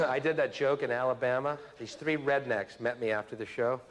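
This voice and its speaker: A man's voice: medium pitch, normal speed, a bit bright. A young man doing a provocative stand-up routine in front of a live audience, with mock-innocent asides. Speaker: stand-up comedian. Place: comedy stage before a live audience. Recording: live stage tape with clear hiss.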